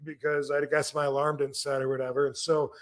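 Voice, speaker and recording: A man in his fifties from Michigan tells a rambling story on a casual podcast. His voice sits a little high, and he repeats words as he goes and acts out quotes from his youth. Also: level tone, fairly quick. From Michigan, USA. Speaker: podcast host, former wrestler.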